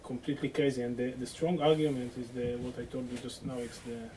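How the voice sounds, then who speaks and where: A man's voice: medium pitch, level tone, dark tone. A man from the audience sharing a personal experience with his teacher. He talks hesitantly and keeps stopping and restarting. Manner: hesitant, full of restarts, halting. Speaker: questioner from the audience. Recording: distant mic with noticeable background noise.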